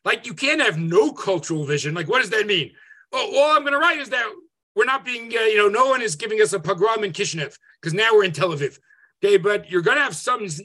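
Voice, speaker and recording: Bright, high-voiced rabbi teaching over a call. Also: male voice. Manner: lively, conversational, tag questions like "right?". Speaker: rabbi teaching an online class. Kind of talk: interactive Zoom lecture. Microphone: video call.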